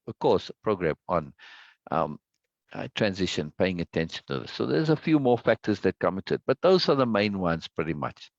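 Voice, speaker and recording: A man's voice: medium pitch, no echo. A man speaking earnestly and emphatically as a self-development teacher, repeating key phrases in a reflective talk to his listeners. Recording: dull lo-fi dry sound.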